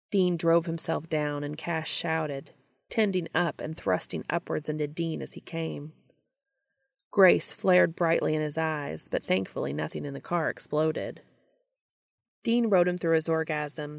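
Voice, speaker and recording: Low gravelly woman reading a story. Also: no echo, clean studio sound. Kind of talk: reading fan fiction aloud.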